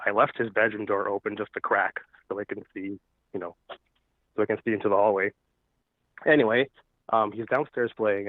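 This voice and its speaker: A nervous caller, a man in his thirties from Florida, tells his ghost story haltingly, with many fillers. His voice sits fairly low and comes through a thin, tinny phone line. The sound is dry and close. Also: no echo.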